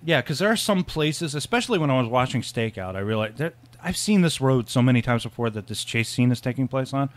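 A man's voice: medium pitch, very animated, fast talker, hardly any pauses. A man co-hosting a casual film podcast, rambling and laughing often, with many restarts. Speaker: podcast co-host.

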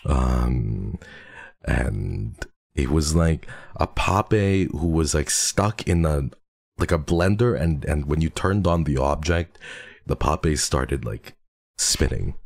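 A man with an extremely low voice chats with his stream audience, stuffy and sniffling from a cold. He is playful and teasing and laughs often. The sound is close and dry, with no room around it. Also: takes it slowly, gravelly, no room sound. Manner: playful, teasing, laughs often, mixes in Tagalog and Korean endearments. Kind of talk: casual chat with chat readers.

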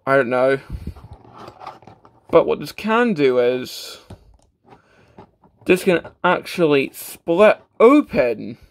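A man's voice: fairly high pitch, sing-song, slow, pauses often. A man casually reviewing a toy, stammering often and filling gaps with "uh" and restarts. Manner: stammering, with many fillers and restarts; self-deprecating, matter-of-fact.

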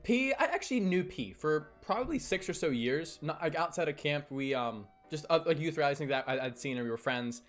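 A man's voice: fairly high pitch, lively intonation, fairly quick, hardly any pauses, faint music behind. Rambling young man telling a camp story. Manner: rambling, self-correcting, acts out quotes. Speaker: storytelling vlogger. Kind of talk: casual story time.

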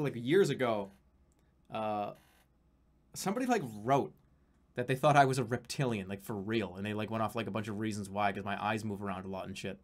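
A man from the United States streaming live, chatting casually in a rambling, profane, joking way with many restarts. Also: on the low side.

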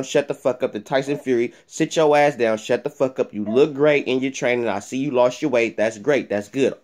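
A man delivers a fired-up vlog rant, cursing freely and hammering the same points over and over. His voice sits at an ordinary middle pitch. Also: a little mellow. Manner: profane, heated, repetitive rant. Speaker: boxing vlogger. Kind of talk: ranting commentary to camera.

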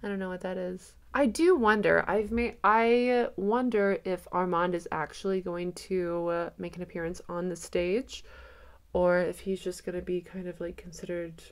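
A woman giving excited reaction commentary on a trailer, gushing and speculating aloud, breaking into gasps and squeals. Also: fairly low pitch, normal speed, clean tone.

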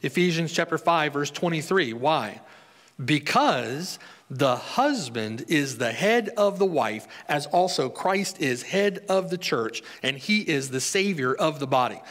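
A man's voice: a little high, expressive, a little slow, fairly bright tone. A pastor giving a conversational sermon, reading scripture and putting questions to his congregation. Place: church hall. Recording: long hall reverb.

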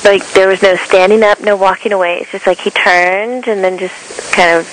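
Lady medium passing on answers, slow and halting, bit of hiss on the recording. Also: mid-range voice, fairly even intonation, rough recording. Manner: describes what she sees, relaying in a slow, halting way. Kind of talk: casual chat.

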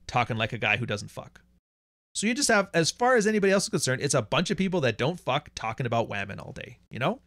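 A man's voice: mid-range voice, a bit bright, no echo. Male livestream host, blunt and profane, dry close-miked sound. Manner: blunt, profane, reads out super chats. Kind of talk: casual livestream monologue.

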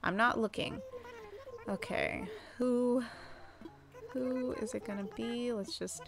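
A young woman chatting casually over her gameplay, excitable, squealing and swearing at what happens on screen. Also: a little high, vocal fry. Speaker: gaming channel host.

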